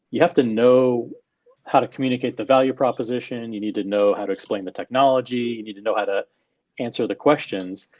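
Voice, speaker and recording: A man on a casual panel, giving his view in a measured, slow, hedging way with many fillers. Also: on the low side, a little mellow, highs cut off. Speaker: panel guest.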